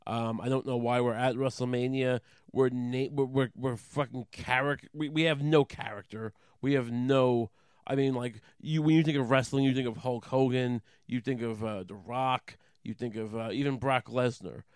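A man's voice: medium pitch, moderate pace, clear, resonant tone, no echo, clean studio sound, close to an everyday voice. A man putting on an apologetic male wrestler who rambles and runs himself down. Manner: rambling, flatly self-mocking.

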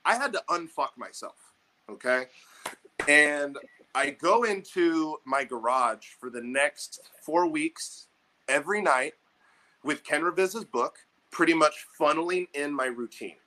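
A young man telling an animated, profane story in casual chat, acting out what people said to him. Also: a little high, a little slow, low-quality recording. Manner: animated, profane, acts out quotes. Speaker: podcast co-host, baseball coach.

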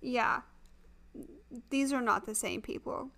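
A woman co-hosting a casual podcast, her voice muffled and thick as she recovers from tonsil surgery. She talks in a slightly high voice with a dry, deadpan humor. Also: slow, creaky. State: muffled voice after tonsil removal. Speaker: podcast co-host.

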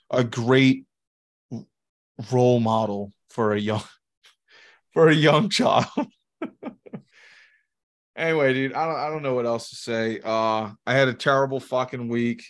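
A man's voice: mid-range voice, steady tone, measured pace, long pauses. A man, co-hosting a podcast in casual, profane chat and telling rambling stories with laughs. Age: 30s. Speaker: podcast co-host.

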